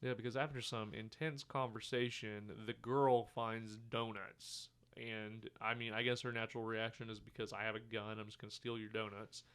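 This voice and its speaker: Moving at a moderate pace with few pauses, a man co-hosting a relaxed film review podcast narrates scene after scene and voices the characters' lines himself. He swears along the way, his somewhat low voice bright and smooth, his retelling full of energy.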